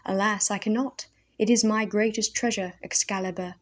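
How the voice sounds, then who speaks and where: A woman voicing a mad old male hermit who speaks in archaic, fervent bursts, from raging shouts to hushed awe. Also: mid-range voice, fairly even intonation, moderate pace, lightly acted. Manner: intense, archaic speech, shouting then hushed.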